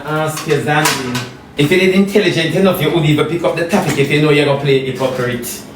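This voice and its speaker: A Jamaican man delivers a combative, taunting rant and circles back to the same jabs over and over. His voice sits high for a man. The sound is roomy and distant, as if he stands well away from the mic. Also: noisy background. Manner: combative, taunting, repeats phrases. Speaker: social media personality. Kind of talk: heated live rant.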